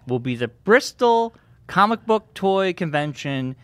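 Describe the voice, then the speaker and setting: A man's voice: high-pitched, sing-song, measured pace, fairly bright tone, clean tone, dry recording. A man co-hosting a casual podcast, upbeat and promotional as he plugs events, recorded in a studio. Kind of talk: casual chat. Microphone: studio mic.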